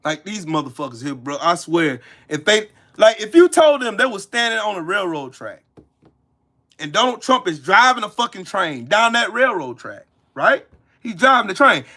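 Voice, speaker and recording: A man rants on his live stream, hurling profanity at viewers and calling them out by name. His pitch leaps wildly between loud shouted bursts and low muttered asides. The tone is bright and sharp-edged. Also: very animated, normal speed. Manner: angry, profane, cussing out viewers. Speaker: livestream host. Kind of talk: live-stream rant answering chat.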